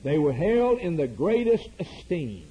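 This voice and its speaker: A man's voice: a little high, sing-song, measured pace, breathy edge, lo-fi sound. A man preaching a sermon in an emphatic, repetitive cadence, heard as a radio broadcast.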